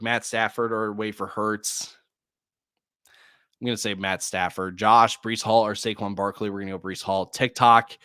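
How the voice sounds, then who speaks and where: A man hosting a live fantasy football Q&A, reading viewer questions and giving quick start-or-sit answers, with frequent sighs. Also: on the low side, bright, forceful tone, clean tone, no echo, clean studio sound. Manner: rapid answers, reads viewer names and questions; distracted, sighs often. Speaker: fantasy football podcast host.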